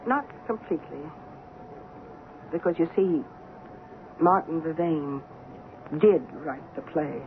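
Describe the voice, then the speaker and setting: A calm, grave older woman. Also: deep voice. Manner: quiet, measured and deliberate. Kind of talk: 1970s radio drama acting. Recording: tinny 1970s radio broadcast, faint hiss.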